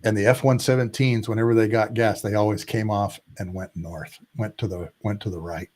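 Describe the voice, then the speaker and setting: A man in his sixties, a retired Air Force pilot, telling animated war stories as a podcast guest and drawing out emphatic lists. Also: on the low side, fairly quick. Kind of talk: casual storytelling interview.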